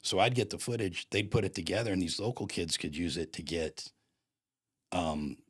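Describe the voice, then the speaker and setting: A man hosting a podcast, telling a personal story in a casual, animated way with surfer slang. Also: low voice, normal speed, slightly rough, no echo, studio quality. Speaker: podcast host.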